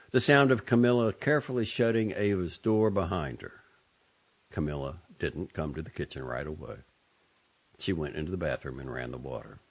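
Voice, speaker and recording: A man narrating an audiobook in a measured, introspective, softly expressive manner. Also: deep voice, lo-fi sound.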